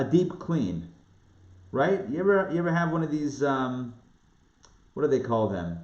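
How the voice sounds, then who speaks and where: A man's voice: a little high, darkish tone. A man giving a casual Torah lesson as a rabbi, talking conversationally and asking his listeners questions. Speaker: rabbi teaching a live online class. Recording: echoey room, dull lo-fi sound.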